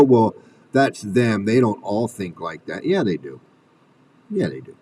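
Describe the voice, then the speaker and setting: Man, angry profane commentary rant, mellow dark voice, heard from a distance from the mic. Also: fairly low pitch, big pitch swings, unhurried, slight background noise. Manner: profane, furious, shouting rhetorical questions. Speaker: commentary video host.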